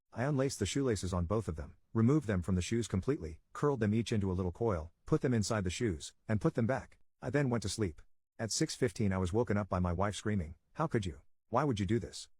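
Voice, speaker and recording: Male narrator for reddit story reads: husky, slightly low, quick and steady, dry close mic. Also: dry recording.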